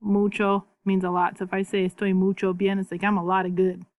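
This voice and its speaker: A woman teaching a recorded video lesson as a Spanish teacher, patiently repeating words slowly so learners can copy the pronunciation. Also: medium pitch, flat delivery, no echo.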